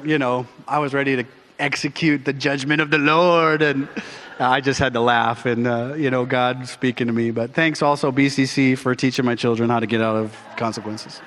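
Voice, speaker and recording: A middle-aged man preaching a sermon as pastor, telling stories with lively acted voices. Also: medium pitch, slight background noise. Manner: animated storytelling with acted voices. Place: church sanctuary. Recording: long hall reverb.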